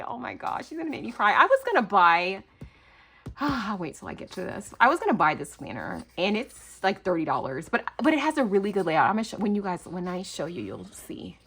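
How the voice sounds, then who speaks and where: Woman, 30s, crafting vlogger: bright, lively, gushing unboxing chat. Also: medium pitch, brisk. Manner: gushing, excitable, lots of fillers and gasps. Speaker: crafting channel host. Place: home, near garage.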